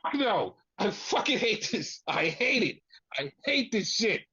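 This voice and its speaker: On a casual wrestling podcast, a co-host rants, swearing constantly and getting more worked up as they go, with pitch jumping animatedly. The delivery is unhurried with a breathy edge, and the audio is dull and lo-fi.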